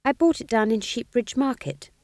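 A woman's voice: fairly high pitch, expressive, normal speed, a little mellow, no echo, clean studio sound, pitched above the performer's own voice. A woman voicing a young, earnest witch who sounds fretful, defensive and pleading.

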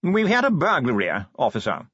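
For an audiobook, a man voices a fussy, posh male art curator who drawls as if yawning, slow, dithering and condescending in his upper-class speech. The exaggerated voice is pitched above the performer's own, fairly high with huge pitch swings, a bit bright and breathy. The recording is dry with the highs cut off.

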